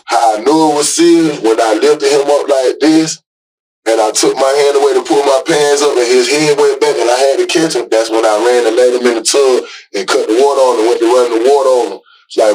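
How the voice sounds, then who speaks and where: A father answering police questions in a halting, rambling way, full of filler words. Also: mid-range voice, a little mellow, husky, far from the mic, poor audio. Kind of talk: police interview.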